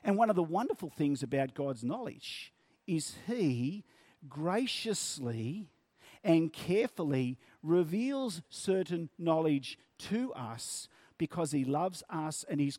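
Male preacher, fairly high voice, dry close sound, measured delivery that leans on key words. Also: a little mellow, no room sound. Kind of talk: sermon.

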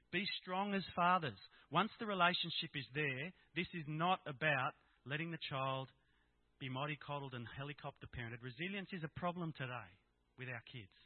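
Addressing an audience of Christian fathers, a middle-aged Australian man shares a frank, plain-spoken personal talk in a medium-pitched voice. There's no echo, and the audio has a thin, dry, phone-like quality.

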